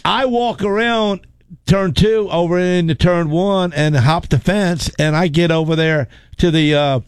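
A man's voice: fairly high pitch, no echo. Folksy man telling a crash story. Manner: animated, repetitive, folksy, laughs often. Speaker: race car driver telling a story. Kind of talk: casual storytelling chat.

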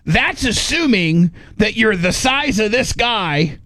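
A man's voice: high-pitched, sing-song, takes it slowly, background noise. Rambling, self-mocking middle-aged man. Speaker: radio show host. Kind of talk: casual storytelling chat.

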